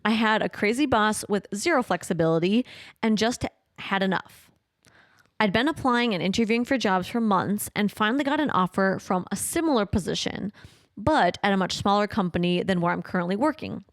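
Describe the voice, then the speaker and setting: A woman's voice: mid-range voice, expressive, brisk, dry recording, clean studio sound. A woman in her thirties co-hosting a podcast, casually chatting and reading out listener questions. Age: 30s. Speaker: podcast co-host.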